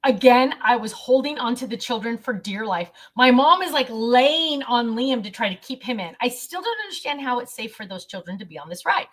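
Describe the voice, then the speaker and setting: A middle-aged woman telling a family story in a casual vlog, animated and quick to laugh. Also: a little high. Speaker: vlogger.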